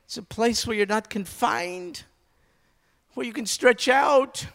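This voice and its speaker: A man preaching a sermon, stressing points by repeating words and swinging between loud urgency and quiet intensity. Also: extremely high pitch, slow pace, vocal fry, long reverb tail. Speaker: pastor.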